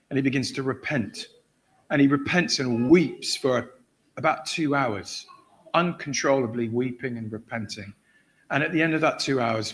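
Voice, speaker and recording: A man preaching at a church, telling a story with acted-out voices and frequent laughter. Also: mid-range voice. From England. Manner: animated storyteller, acts out shouted voices, laughs often. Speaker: guest preacher. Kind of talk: sermon storytelling.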